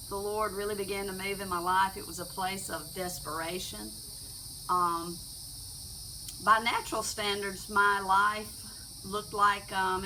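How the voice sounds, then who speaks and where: A middle-aged woman telling her personal faith testimony in a halting way, with many restarts and fillers. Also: mid-range voice, far from the mic, noisy background. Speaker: testimony speaker.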